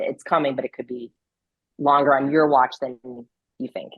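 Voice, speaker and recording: A low-pitched woman talks through a casual interview in a loose, chatty way. She leans on fillers and breaks into laughs often, and her voice sounds dry and close to the mic. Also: flat delivery, normal speed, no echo, rough recording. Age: adult with a grown daughter. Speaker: interview guest, ultrarunner.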